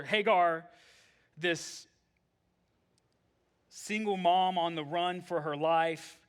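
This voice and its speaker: A male pastor giving a sermon in a relaxed, conversational way, full of "like", that moves between eager and hushed. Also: high-pitched.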